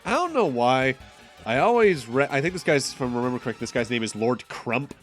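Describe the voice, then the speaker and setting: A man's voice: medium pitch, sing-song, brisk. A man from Massachusetts streaming a game, chatting casually with jokes and rambling asides over faint game music. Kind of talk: casual gameplay commentary.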